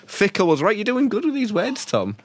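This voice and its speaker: A man's voice: sits high, huge pitch swings, measured pace, noisy background. A man hosting a quiz segment on a casual podcast, bantering, laughing and swearing with friends. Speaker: quiz host.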